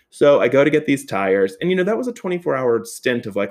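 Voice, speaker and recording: A man telling a personal story in a casual, animated way, swearing often and laughing as he goes. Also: medium pitch, fairly quick, hardly any pauses.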